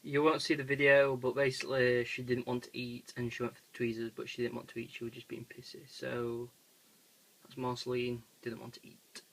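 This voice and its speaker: A quiet, laid-back speaker, casually narrating a pet-feeding vlog into a handheld camera at home. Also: mid-range voice, monotone, a little fast, rough recording. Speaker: hobby pet keeper filming feedings. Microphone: handheld camera mic.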